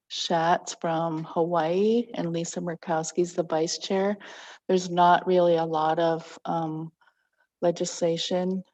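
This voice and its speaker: Slow, mellow-voiced woman giving a meeting report. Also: on the low side. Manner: measured, with many ums. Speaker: tribal council member giving an update. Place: council meeting.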